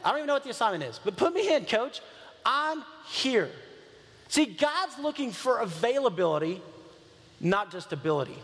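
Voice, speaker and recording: Pastor guy preaching, pretty high voice, earnest chatty delivery, big echoey church hall. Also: big pitch swings, normal speed, a bit bright. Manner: conversational and earnest, repeats key phrases for emphasis. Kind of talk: sermon. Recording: long reverb of a large hall.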